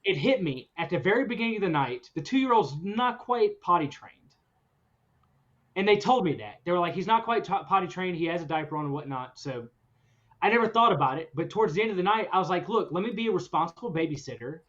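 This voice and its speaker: A man hosting a podcast, telling a story in a casual chat, animated and often laughing as he goes. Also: high-pitched, fast. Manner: animated, laughs through his own story. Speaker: podcast host. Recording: dull lo-fi recording.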